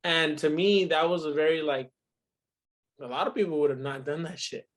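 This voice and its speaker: A man's voice: on the high side, fairly even intonation, normal speed. A man in his twenties in casual podcast chat, telling stories emphatically and swearing freely. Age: 20s. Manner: profane, emphatic storytelling.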